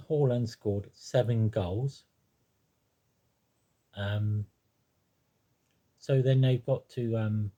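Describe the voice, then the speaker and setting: A man talking casually about a football team, rambling and hesitant, with many pauses, ums and restarts. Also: fairly low pitch, warm tone. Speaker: football fan commentator. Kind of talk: casual spoken monologue.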